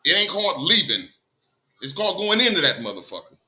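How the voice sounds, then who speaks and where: A man on a casual online group call, talking loudly and emphatically, swearing and repeating phrases. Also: sits high, sing-song, brisk, poor audio. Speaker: call participant, self-described language guru. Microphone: computer headset or call mic.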